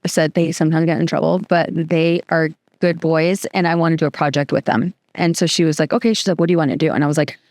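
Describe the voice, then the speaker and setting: A woman guest on a podcast, telling a story in a chatty, animated way with lots of filler words. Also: low-pitched, fast talker, hardly any pauses, no room sound, clean studio sound. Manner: chatty, animated, fills speech with "like". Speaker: podcast guest, youth program co-founder. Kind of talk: casual interview storytelling.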